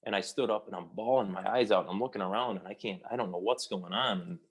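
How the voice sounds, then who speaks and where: A man's voice: on the low side, quick pace, breathy edge. A young adult man, an actor, telling a long personal story in a casual interview and rambling with many restarts.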